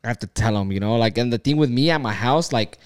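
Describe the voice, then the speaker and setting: A man co-hosting a podcast in relaxed, slangy casual chat, often restarting his sentences. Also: mid-range voice, fast talker, clear, resonant tone. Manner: laid-back, slangy, stumbling restarts. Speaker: podcast co-host.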